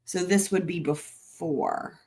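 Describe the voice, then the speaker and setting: A woman's voice: lowish voice, expressive, takes it slowly, vocal fry, mellow, breathy edge. A woman hosting a live stream, thinking aloud and correcting herself as she comments. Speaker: stream host.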